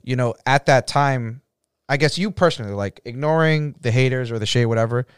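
A man at a mid pitch hosting a casual podcast interview with an easygoing, agreeable manner. He keeps the talk moving with short affirmations and rambling questions. His voice is smooth and resonant, recorded dry and close. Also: fairly quick, no room sound. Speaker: podcast host, DJ.

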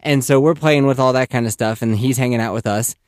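A man in his thirties telling a casual, animated story as a podcast host, swearing freely and acting out voices. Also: medium pitch, a little fast, no room sound, studio quality.

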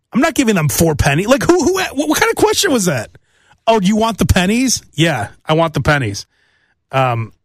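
A man rambles through a comedic solo monologue, his high voice swinging widely as he acts out the people in his stories. The sound is close and dry, with no room around it. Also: no echo. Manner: rambling, animated storytelling with mimicked voices. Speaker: podcast host.

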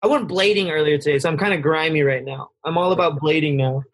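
A man's voice: fairly high pitch, fast. A man chatting casually as a podcast guest over a video call, in laid-back slangy talk, slipping into voices when he quotes people. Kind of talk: casual chat.

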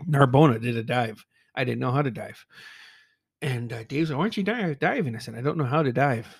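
A man's voice: medium pitch, fairly even intonation, fairly quick, creaky, slightly rough, dry recording, studio quality. A man telling a childhood story in casual chat, swearing freely, laughing often and acting out his friends' voices. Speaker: podcast co-host.

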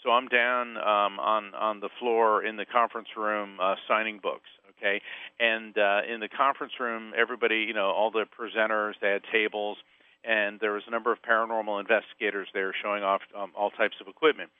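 A man's voice: lowish voice, a little fast, smooth, no echo. Man telling a story over a phone line. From Central Florida. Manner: animated storyteller acting out voices. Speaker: guest author and medium. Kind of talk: storytelling interview.

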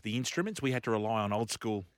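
A man on radio, chatting casually and telling a lively story with frequent laughs. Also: lowish voice, fast talker, clear, resonant tone, no room sound, studio quality. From Australia. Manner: animated storyteller, laughing often. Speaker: radio host. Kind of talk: casual chat. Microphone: studio microphone.

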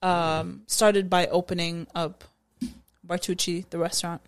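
A woman's voice: on the low side, flat delivery, measured pace. Teasing young woman co-host. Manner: teasing, incredulous, explains things. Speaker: podcast co-host. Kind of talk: casual chat.

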